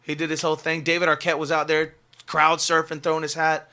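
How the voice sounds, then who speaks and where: A man's voice: fairly high pitch, monotone, fairly quick, pushed and bright. A man, a musician guest on a radio show, telling a story casually and animatedly, full of fillers and laughter.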